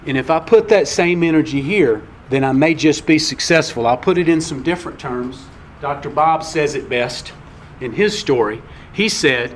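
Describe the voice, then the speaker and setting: A man's voice: on the high side, moderate pace, slight background noise. A man giving a personal share at a recovery meeting in a folksy, conversational storytelling way.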